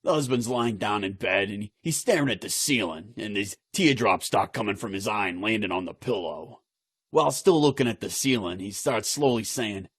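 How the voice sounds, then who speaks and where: Husky man in his forties telling jokes. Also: lowish voice, moderate pace, dry recording, studio quality. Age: 40s. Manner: chatty, anecdotal. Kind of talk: casual joke telling.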